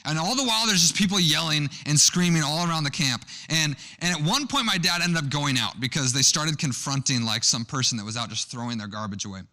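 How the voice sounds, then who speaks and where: Bright-voiced young pastor telling a story. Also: male voice, a little high, expressive, fairly quick, few pauses. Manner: conversational, storytelling with many restarts. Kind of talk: sermon with personal story.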